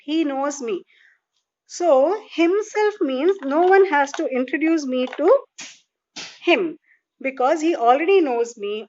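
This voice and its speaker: A woman teacher walks her class through a grammar lesson with a high voice. She asks questions and then answers them herself, and she leans on each example sentence. The recording is dull and lo-fi. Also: a little mellow. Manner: patient explaining, rhetorical questions, stresses example sentences. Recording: dull lo-fi sound.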